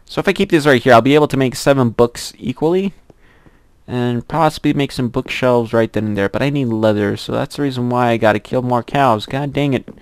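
A man's voice: brisk, clean tone, dry recording. Giggly young man narrating his gameplay. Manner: chatty, giggly, rambling to himself; squeals in a high voice at cute animals. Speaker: gameplay commentator. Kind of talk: casual gameplay commentary.

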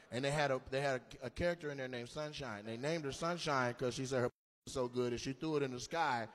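A man doing live stand-up crowd work, teasing audience members in an animated way with loud bursts. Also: mid-range voice. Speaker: stand-up comedian.

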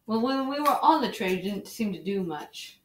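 Woman as deadpan, formal young man, literal and polite, roomy room, distant mic. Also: mid-range voice, normal speed, natural voice. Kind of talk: comedic fan parody. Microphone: camera mic set far away.

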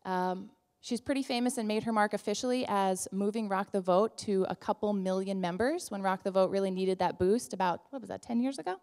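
A woman in her thirties with a New Jersey accent introduces a speaker at a live event, upbeat and chatty with frequent ums. Her voice is smooth and clear. It rings with the long reverb of a big hall. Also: mid-range voice, brisk, darkish tone. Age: 30s.

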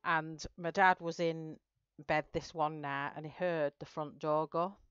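A woman's voice: sits low, steady tone, a little slow, a bit bright, clear, resonant tone, no echo, highs cut off. A woman chatting casually with viewers while she colors, telling a story. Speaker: artist livestreaming a coloring session.

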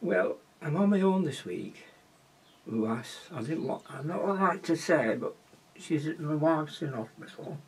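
A man's voice: fairly high pitch, expressive, unhurried, husky. A man with a Wigan accent, teaching watercolour painting in a casual, chatty way, often asking viewers questions and muttering to himself as he paints. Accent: Wigan, Lancashire. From Wigan, England.

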